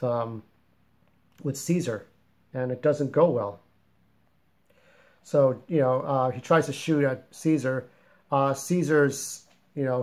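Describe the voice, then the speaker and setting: A man's voice: mid-range voice, darkish tone. A man who writes fiction, casually summarizing the plot of his own story in a rambling, informal, plain-spoken way.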